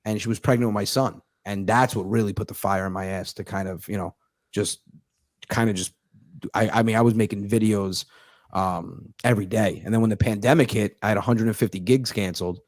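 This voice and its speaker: A man in his thirties, a comedian telling stories in a fast, profane, sarcastic casual chat. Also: fairly low pitch, steady tone, dry recording, studio quality. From United States. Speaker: comedian guest.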